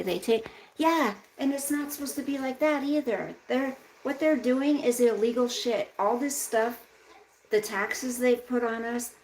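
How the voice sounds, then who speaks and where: A woman hosting a casual live stream from home, her voice gravelly with plenty of fry. She rants with indignation, then softens into cooing baby talk with her pet. A faint hiss sits under the voice. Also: mid-range voice, low-quality recording. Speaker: livestream host.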